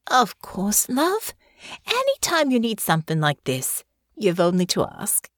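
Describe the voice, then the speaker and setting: A woman's voice: mid-range voice, wildly swooping pitch, a little slow, no echo, studio quality. A woman voicing a fond, motherly little maid. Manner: warm, fond, homely terms of endearment.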